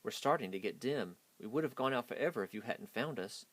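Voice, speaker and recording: A man's voice: medium pitch, expressive, brisk, fairly bright tone, no room sound. A man voicing a fading, grateful fairy sprite in a children's storybook reading. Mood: relieved.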